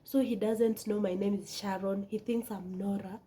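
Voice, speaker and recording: A woman telling a personal story in a casual vlog, animated and dramatic, often dropping into a whisper. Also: medium pitch, moderate pace. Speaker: vlogger.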